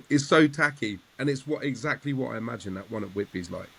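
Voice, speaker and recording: A man's voice: mid-range voice, lively intonation, a little fast, gravelly, fairly bright tone, slightly rough. A man telling laughing anecdotes in a casual group chat. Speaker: filmmaker and guest.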